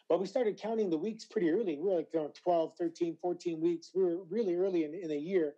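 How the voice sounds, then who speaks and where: Hoarse-ish guy guest, kinda high but really mellow dark voice, stammers and restarts a lot. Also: quick pace, few pauses, dull audio. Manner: animated storyteller with frequent stammered restarts. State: slightly hoarse voice. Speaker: interview guest, former wrestler. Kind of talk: casual interview chat.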